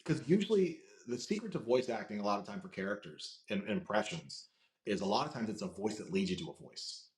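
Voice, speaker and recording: Chatty low-voiced man in a roomy space. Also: animated, fairly quick. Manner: chatty, many fillers and restarts. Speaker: guest voice actor and impressionist. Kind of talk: casual podcast chat.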